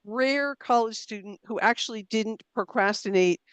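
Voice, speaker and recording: A woman's voice: on the high side, moderate pace, clean tone, no room sound. A middle-aged woman, an author and writing coach, answering interview questions in a thoughtful, self-deprecating way with fillers and restarts. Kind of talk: conversational interview.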